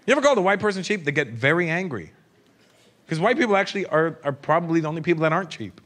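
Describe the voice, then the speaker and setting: A male stand-up comedian performing a brash, profane set and acting out characters in quick quoted voices, live on stage. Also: fairly high pitch, animated, fairly bright tone. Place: large theater with a live audience. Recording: live stage recording with crowd noise. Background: audience laughter.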